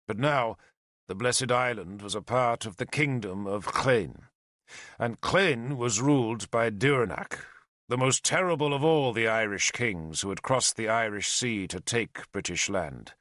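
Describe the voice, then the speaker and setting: A man reading a novel aloud as a first-person audiobook narrator, dramatic and expressive. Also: mid-range voice, unhurried, dry recording, clean studio sound.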